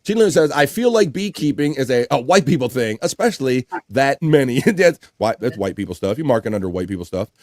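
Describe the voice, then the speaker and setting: A man's voice: mid-range voice, fairly quick, few pauses, no echo. A man hosting a live stream show, casually reading out viewer comments with jokes and frequent laughter. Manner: animated and jokey, laughs often. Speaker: livestream show host.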